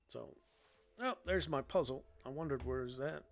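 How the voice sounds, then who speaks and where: A man's voice: mid-range voice, normal speed, gravelly. A man from Illinois hosting a trading livestream, giving loose, joking live commentary. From Illinois, United States.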